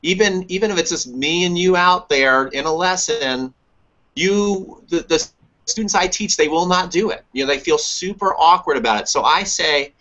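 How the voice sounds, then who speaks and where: Bright-voiced emphatic male tennis coach. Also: on the high side, moderate pace. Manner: emphatic, repeats words for stress. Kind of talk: casual webinar discussion. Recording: muffled lo-fi webinar audio.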